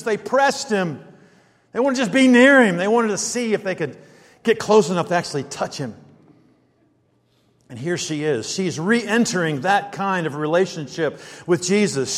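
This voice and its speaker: An older male pastor with a fairly high voice preaches in a relaxed, conversational way, slipping into little acted quotes as he tells a story. His voice carries a long reverb, as if filling a large hall. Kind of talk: sermon.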